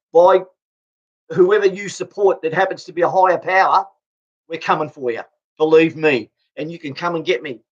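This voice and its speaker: An Australian man delivering an angry, blunt political rant, swearing and stumbling over repeated restarts. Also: on the high side. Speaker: political vlogger. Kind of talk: angry ranting monologue. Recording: dull lo-fi recording.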